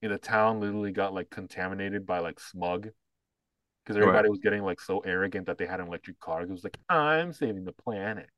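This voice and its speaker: A man's voice: low-pitched, flat delivery, quick pace, a bit bright, no echo. A man co-hosting a podcast in casual chat, blunt and profane, rambling with many fillers. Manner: mocking voices when quoting others. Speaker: podcast co-host.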